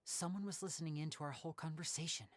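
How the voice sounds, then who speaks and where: Cool-headed young adventurer, measured delivery, lowish voice, game hero. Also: female voice, no room sound, clean studio sound. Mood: calm. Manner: calm, measured. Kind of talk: video game voice acting.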